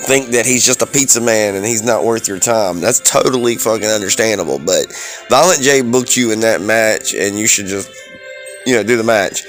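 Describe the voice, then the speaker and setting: A man's voice: fairly low pitch, fairly bright tone. A man hosting a podcast, reviewing wrestling shows in a casual, rambling way, full of ums and swearing.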